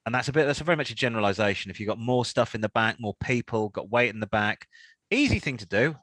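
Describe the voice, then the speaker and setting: A man's voice: mid-range voice, expressive, fast talker, a bit bright, dry recording. A man co-hosting a casual car podcast, rambling and joking, laughing mid-sentence. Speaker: podcast co-host.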